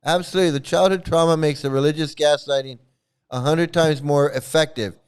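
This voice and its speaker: Brief: male streamer, slightly high, very smooth voice; scornful, swears, laughs a lot. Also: steady tone, brisk. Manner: mocking, profane, laughs often. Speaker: online streamer criticizing a cult. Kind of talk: casual reaction livestream.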